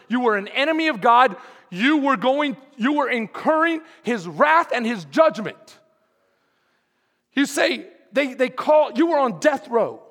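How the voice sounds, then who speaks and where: High-voiced pastor preaching emphatically. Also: male voice, fairly bright tone. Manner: emphatic preaching, calls out to the congregation. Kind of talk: sermon. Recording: long hall reverb.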